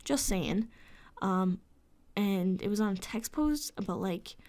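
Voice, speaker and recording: A sleepless, fed-up vlogger vents to the camera late at night in a sarcastic, frustrated rant full of swearing, her voice now and then sinking to a whisper before rising again. She speaks slowly and expressively in a medium-pitched, darkish voice.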